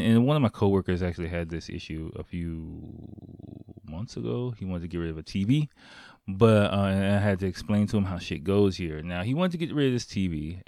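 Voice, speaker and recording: A man's voice: deep voice, darkish tone, smooth, dry recording, studio quality. A man in a casual vlog monologue, rambling and profane, full of fillers, living in Japan. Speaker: vlogger. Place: home in Japan.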